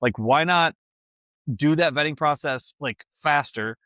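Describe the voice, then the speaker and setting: A man's voice: fairly high pitch, measured pace, a bit bright, no echo. Hesitant man debating on a podcast. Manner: hesitant, many restarts and "like". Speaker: podcast co-host. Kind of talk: casual political debate.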